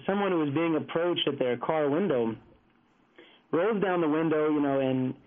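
Man calling in over a tinny phone line. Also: a little high. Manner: rambling anecdote with many fillers. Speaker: field organizer reporting in. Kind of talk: casual radio report.

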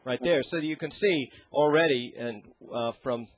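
A man of ordinary pitch explains singing technique as a guest, pausing often as he hunts for words. He speaks into a handheld microphone. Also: faint music behind. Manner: halting, searching for words. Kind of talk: explaining with sung demonstrations.

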